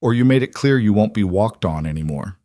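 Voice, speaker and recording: A man voicing a quiet mountain man who talks in short, clipped sentences. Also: on the low side, lively intonation, fairly quick, dry recording, studio quality, natural voice. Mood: calm. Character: quiet mountain man, steady and plain-spoken.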